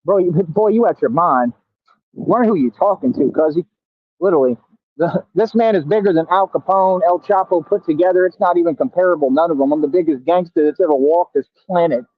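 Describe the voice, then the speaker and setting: A man on a livestream brags and tells off his audience in street slang. His voice sits fairly high for a man. The sound is tinny and dry, as if heard over a phone, with no room around it. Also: a little fast, no room sound. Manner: boastful, scolding, streetwise slang. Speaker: livestream host. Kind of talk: confrontational livestream talk.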